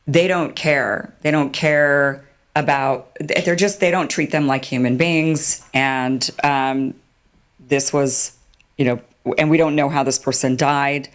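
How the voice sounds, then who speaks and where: A woman giving animated, sarcastic online commentary and mocking others with put-on quotes. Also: low voice, slow pace. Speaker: political commentator.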